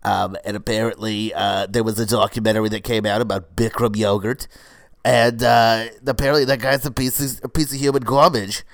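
A brash woman in her forties who runs a struggling cold-yoga studio, voiced by a man without much change to his own voice rambles through a comedy monologue. The voice sits fairly low and is recorded dry, with no room sound. She stumbles over "uh" and "you know" and drops crude remarks in a flat, matter-of-fact way. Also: a little fast, gravelly, no echo. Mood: rambling.

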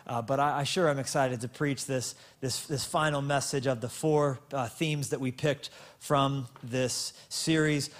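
A man preaching a sermon, telling a story with many stammered restarts and repeated words, and slowing down to stretch words for emphasis. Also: mid-range voice, fairly even intonation. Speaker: pastor.

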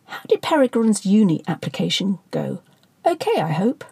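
A woman's voice: mid-range voice, huge pitch swings, normal speed, creaky, a little mellow, husky, exaggerated voice. A woman narrator voicing a mild, conciliatory male government adviser in an audiobook. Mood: placating.

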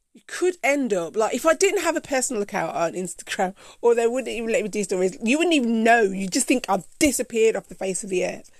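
A woman hosting her own podcast, talking animatedly to her listeners and slipping between accents when she gets excited. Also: mid-range voice, vocal fry, no echo, studio quality. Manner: animated, calls listeners baby and honey. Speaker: podcast host. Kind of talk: solo podcast talk.

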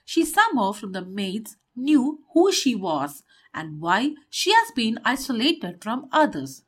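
Female storyteller for children, expressive and animated, higher voice with lively pitch. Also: a little slow, slightly rough.

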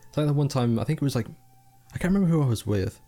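A man's voice: mid-range voice, lively intonation, very fast, mellow, faint music behind. A young man, co-hosting a podcast in casual chat, rambling and swearing freely as he mimics people. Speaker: podcast co-host.

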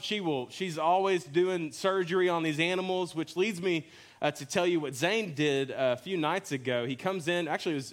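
Guy preaching in church, kinda high voice, easygoing and jokey. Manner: relaxed, joking storyteller. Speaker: pastor. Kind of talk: sermon. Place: church sanctuary.

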